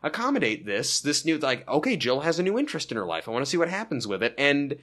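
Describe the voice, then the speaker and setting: A man's voice: a little high, sing-song, fast talker, fairly bright tone. A man co-hosting a podcast, chatting casually and rambling as he recaps a sitcom episode, joking at his own expense. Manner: self-deprecating, rambling, retells scenes with quotes. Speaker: podcast co-host.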